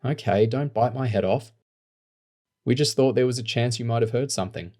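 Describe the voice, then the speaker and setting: A man reading an audiobook, voicing a calm, earnest twelve-year-old boy with an Australian accent. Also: mid-range voice, a little fast, close to an everyday voice.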